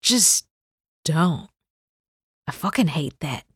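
A woman's voice: low voice, animated, slow pace, breathy edge, no room sound, clean studio sound, full character voice. A woman reading an audiobook and voicing a brash, crude older man who talks bluntly, sounds cocky, and swears.

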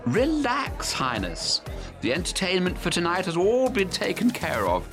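A man's voice: sits high, wildly swooping pitch, measured pace, music in the background, exaggerated voice. A man doing a sly royal adviser. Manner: sly, condescending. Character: sly smooth-talking male royal adviser.

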